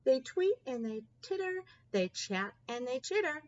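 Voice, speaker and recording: A woman reading a picture book aloud in a slow, sing-song storytelling manner. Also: sits high, sing-song, muffled recording. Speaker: storybook reader.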